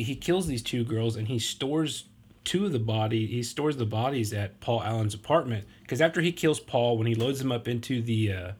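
A man's voice: mid-range voice, slightly rough. A man hosting a podcast, retelling a film plot in a casual, rambling way with lots of fillers and acted-out quotes. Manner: rambling, many fillers and restarts, acts out quotes. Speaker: podcast host.

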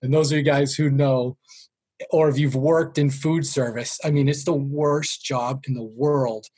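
Husky Boston man telling stories. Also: on the high side, darkish tone. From Boston area. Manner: self-deprecating, jokey, drops voice for quoted parents. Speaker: sales trainer, guest. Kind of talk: storytelling interview.

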